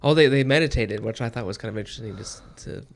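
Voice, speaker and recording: A man's voice: lowish voice, racing. A man co-hosting a book podcast, talking in a rambling way with many fillers and restarts. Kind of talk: casual chat.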